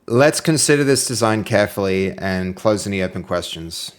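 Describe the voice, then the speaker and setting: A man's voice: on the low side, animated, moderate pace. A man streaming his game development live, thinking aloud with many "um" fillers and answering viewer chat.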